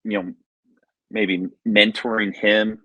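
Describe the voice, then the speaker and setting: A man recalling old games in a loose, stop-and-start way, often circling back mid-sentence. His voice is on the low side, and it is captured close and dry. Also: level tone, sharp tone, no echo, muffled recording. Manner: halting, many restarts, reminiscing. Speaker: podcast co-host. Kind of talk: casual sports chat.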